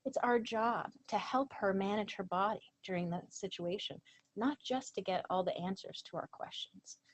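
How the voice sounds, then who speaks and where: A woman presenter giving an earnest lecture to a professional training audience, animated when she quotes others. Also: medium pitch, moderate pace, poor audio.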